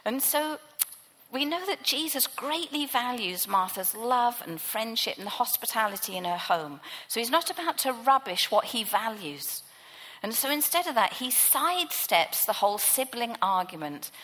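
Higher-voiced woman preaching in a reverberant space. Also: big pitch swings, normal speed, sharp tone. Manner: conversational Bible teaching. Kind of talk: sermon.

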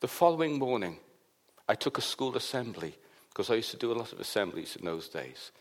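A man's voice: fairly low pitch, a little fast. A man from Wales, a pastor preaching a sermon and telling a personal story while acting out what others said. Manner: animated storyteller, acts out the quoted voices.

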